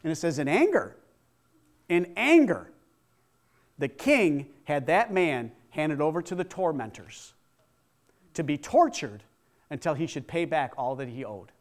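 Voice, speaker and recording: Pastor guy preaching, slightly high voice, goes from loud to almost whispering, keeps asking the crowd questions. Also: big pitch swings, moderate pace. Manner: dramatic swings from loud to hushed; conversational, asks the congregation questions. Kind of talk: sermon.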